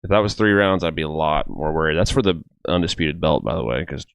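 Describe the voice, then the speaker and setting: A man's voice: rumbling low, quick pace, vocal fry, dry recording, studio quality. A man co-hosting a casual podcast as they watch fights, talking in a rambling way full of "like" and restarts. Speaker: podcast co-host.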